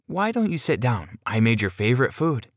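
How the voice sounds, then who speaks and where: A man voicing a strange woman who poses as the boy's mother, speaking gently and coaxingly. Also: mid-range voice, big pitch swings, normal speed, no echo, studio quality.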